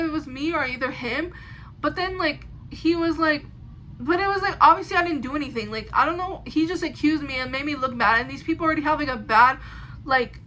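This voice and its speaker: Bright high-voiced young woman rambling. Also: slight background noise. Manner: rambling, heavy use of "like"; indignant recounting. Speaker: vlogger. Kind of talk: casual storytelling.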